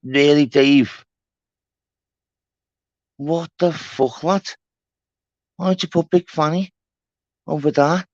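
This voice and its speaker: A man's voice: a little high, takes it slowly, long pauses, a little mellow, no echo. A man hosting a casual livestream chat, blunt, swearing and repeating himself. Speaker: livestream host. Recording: dull lo-fi stream audio.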